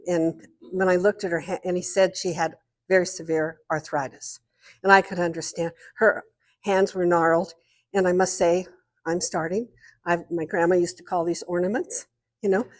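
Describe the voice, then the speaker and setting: A woman's voice: lowish voice, darkish tone. A woman giving a talk as guest speaker at an art society, telling a chatty, meandering story and often interrupting herself.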